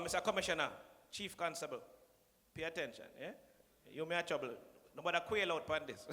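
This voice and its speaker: A man's voice: on the high side, fairly quick, pauses often, pushed and bright. A man with a Jamaican accent giving a playful, teasing conference speech from a podium, slipping into patois. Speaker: conference speaker addressing the minister. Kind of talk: joking public speech. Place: conference hall. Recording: long reverb of a large hall.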